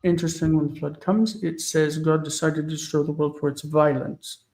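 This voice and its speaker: A man teaching a casual live Bible Hebrew lesson, thinking aloud with many fillers and reading verses slowly before explaining them. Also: on the high side, level tone, a little mellow, poor audio.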